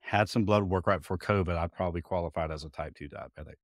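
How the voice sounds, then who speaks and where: A man's voice: sits low, quick pace, no echo, clean studio sound. A man in his fifties, a guest telling his story in a casual interview, folksy, acting out quoted dialogue as he goes. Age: 50s. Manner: folksy, repeats words while thinking.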